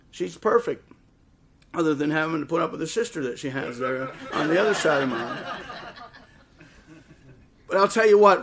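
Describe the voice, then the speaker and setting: Middle-aged man, pastor, high-pitched voice, fervent sermon rising to near shouting, live in church. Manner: impassioned preaching that swells to near shouting. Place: church service before a congregation.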